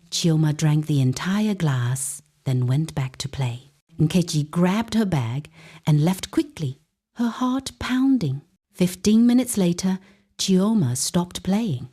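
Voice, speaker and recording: Expressive woman storyteller, husky. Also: on the low side, a little slow. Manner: dramatic, expressive. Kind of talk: dramatic story narration.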